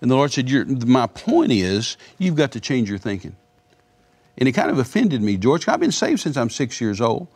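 A man's voice: medium pitch, big pitch swings, moderate pace, darkish tone, slightly rough. A man in his seventies telling his own faith story as an interview guest, earnest, repeating himself and acting out the dialogue he quotes. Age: 70s. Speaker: guest, former missionary. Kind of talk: storytelling testimony in a Christian interview.

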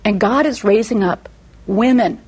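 A woman from Indiana, a guest on a talk show, giving her testimony with lively, humorous storytelling. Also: mid-range voice, unhurried, slightly rough. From Indiana, USA.

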